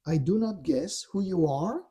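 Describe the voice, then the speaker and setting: A man's voice: high-pitched, lively intonation, a little slow, mellow, voice pushed up. A man voicing a resolute young spiritual master who answers firmly and asks questions. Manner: firm, questioning.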